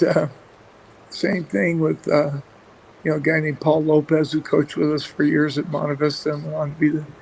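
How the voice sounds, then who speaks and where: A male football coach with a gravelly, somewhat high voice tells rambling stories about his staff, with plenty of fillers and restarts. His pitch stays flat and even, and a faint hiss sits under the recording. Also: poor audio. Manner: rambling, many fillers and restarts, chuckles often. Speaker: football coach and play caller. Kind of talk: casual anecdotes in a radio interview.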